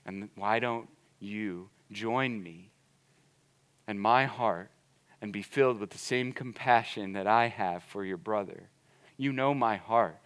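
A man voicing a gentle older father who pleads softly with his son in a low, hushed voice. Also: smooth, natural voice.

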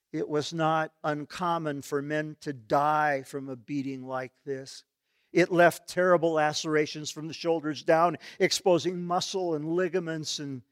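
A man's voice: a little high, a bit bright, clean tone, no echo, studio quality. A man preaching a sermon, retelling a story in a vivid, solemn and dramatic way.

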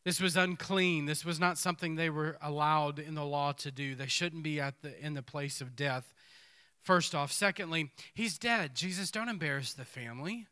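A man preaching a sermon, reading scripture aloud and commenting on it in an animated way that acts out the people in the story. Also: a little high, moderate pace, clear, resonant tone. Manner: animated, acts out the speakers in the text.

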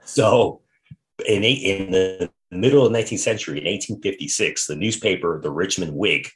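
Male podcast host, lower voice, animated storyteller, reads old quotes aloud. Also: normal speed, soft background music. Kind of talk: casual history chat.

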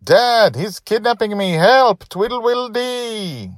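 A man voicing a fearless five-year-old girl pirate who talks in a calm, teasing sing-song. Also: fairly low pitch, measured pace, no echo, clean studio sound. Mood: panicked.

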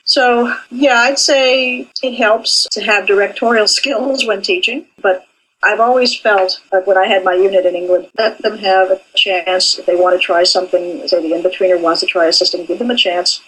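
A woman's voice: medium pitch, steady tone, normal speed, a bit bright, low-quality recording. An older woman, an animation professor, speaking candidly in an interview about her training. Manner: candid and forthright.

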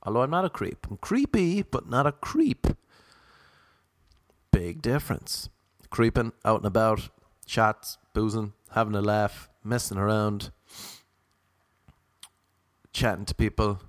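A man's voice: lowish voice, animated, a little slow, long pauses, dry recording, studio quality. A man with an Irish accent telling rambling, self-mocking comic stories to his viewers. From Ireland. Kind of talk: casual comic storytelling.

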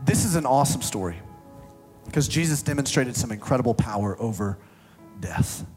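Man preaching a sermon over soft music. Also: mid-range voice, moderate pace. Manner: swings from loud excited reading to quiet, intimate appeals; playful asides with laughter. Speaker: pastor.

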